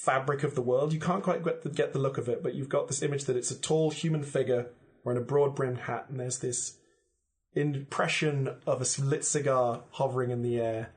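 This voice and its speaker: A man as a podcast guest, casually pitching a story in vivid, descriptive detail with plenty of "like" fillers. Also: steady tone, fairly quick.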